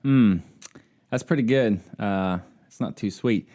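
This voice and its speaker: A man's voice: on the low side, measured pace, mellow. A laid-back man from the United States co-hosting a casual podcast chat, joking and often trailing off with "I don't know.". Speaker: podcast co-host. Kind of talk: casual chat over drinks. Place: home in Alaska on a video call.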